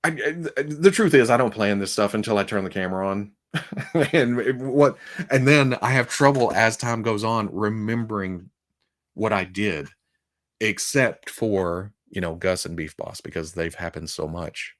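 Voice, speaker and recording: A podcast host with a Southern US accent chats casually with viewers on a livestream, his fairly low, slightly bright voice moving at normal speed. He rambles, chuckles often, and pokes fun at himself.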